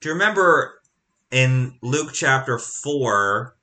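A man leading a Bible study in a halting, conversational way, full of restarts and rhetorical questions. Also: medium pitch, lively intonation, pushed and bright. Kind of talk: casual Bible teaching.

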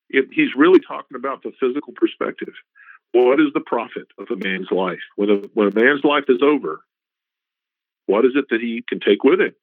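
A man's voice: medium pitch, fairly quick, no echo. A middle-aged man teaching a Bible passage in a casual, conversational way. He often repeats "you know" and restarts his phrases. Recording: tinny phone-like radio recording, dry.

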